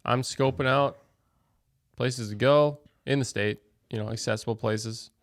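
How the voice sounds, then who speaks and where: A man's voice: mid-range voice, steady tone, measured pace, no echo. A young man from Wisconsin co-hosting a podcast, laid-back, tossing in dry one-liners. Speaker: podcast co-host. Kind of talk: casual chat.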